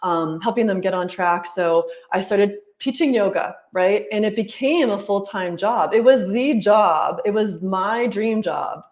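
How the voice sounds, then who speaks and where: A woman's voice: medium pitch, unhurried, few pauses, a little mellow. A woman who works as a life coach and yoga teacher tells her story in a casual interview. She is earnest and chatty, and she keeps saying "like" and "right?".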